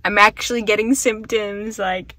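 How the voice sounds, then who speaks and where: A woman's voice: mid-range voice, steady tone, normal speed, bright, forceful tone. A young woman vlogging casually, rambling with lots of "like". She sounds tired and weak from being sick. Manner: chatty, rambling, full of "like". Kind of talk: casual vlog diary. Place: bus, then a car.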